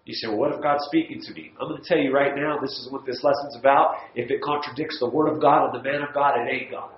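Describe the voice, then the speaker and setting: A man's voice: mid-range voice, fairly even intonation, fast. Emphatic man teaching Bible study. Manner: folksy, emphatic, repeats words for stress. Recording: echoey room, dull lo-fi sound.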